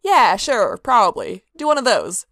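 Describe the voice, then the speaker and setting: A woman's voice: fairly high pitch, very animated, moderate pace, a bit bright, no room sound, studio quality, voice pushed up. A woman voicing a bold, teasing female goddess with a casual, cheerful manner. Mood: cheeky.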